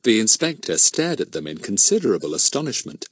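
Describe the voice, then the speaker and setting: Expressive male storybook narrator. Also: on the low side, fairly quick, breathy edge, no echo, studio quality. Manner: expressive, voices each character. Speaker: audiobook narrator.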